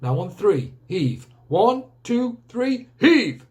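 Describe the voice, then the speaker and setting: A man doing an old grandpa, commanding, mock-military, raised pitch, storybook reading. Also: very animated, normal speed, darkish tone. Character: old man, bossy wartime commander type.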